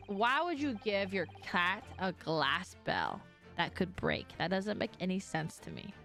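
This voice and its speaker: A woman's voice: mid-range voice, big pitch swings, unhurried, gravelly, a bit bright, faint music behind. A woman streamer giving casual, joking commentary over a game, blunt and swearing casually as she reacts.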